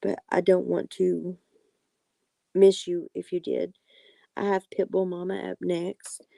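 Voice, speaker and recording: A woman reading oracle cards on a live stream, talking softly and affectionately to viewers and often apologizing. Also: on the low side, completely flat delivery, takes it slowly, gravelly, no room sound. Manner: soft-spoken, affectionate, calls viewers sweetie and honey; apologetic and reassuring. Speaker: livestream tarot and oracle card reader.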